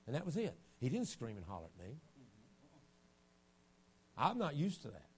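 A man's voice: medium pitch, wildly swooping pitch, normal speed, slight background noise. Preacher guy telling old family stories in church, voice jumps all over the place. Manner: storytelling, swings from hushed to shouting. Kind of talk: revival sermon. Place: church sanctuary.

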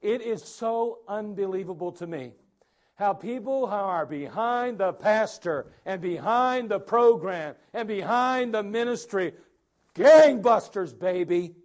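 A man preaching a sermon as pastor, animated and acting out the people's words. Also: high voice, unhurried.

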